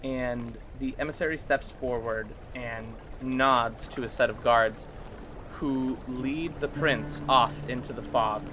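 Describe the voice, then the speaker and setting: A man narrating as game master of a tabletop game, casual and quick to laugh. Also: mid-range voice, fairly even intonation, noisy background. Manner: casual, laughing, voices his characters.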